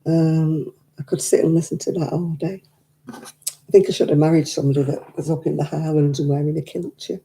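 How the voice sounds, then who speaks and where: A woman's voice: low-pitched, steady tone, a little fast, warm tone, slight background noise. A woman, chatting casually while knitting on a live stream from her living room, rambling and laughing often as she reads viewer comments into a desk mic. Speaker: craft live-stream host. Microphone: desk microphone.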